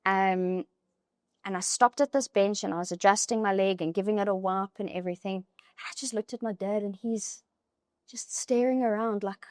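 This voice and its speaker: A young woman, a podcast guest telling a personal story in an animated way, full of "like" fillers. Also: mid-range voice, moderate pace, dry recording, clean studio sound.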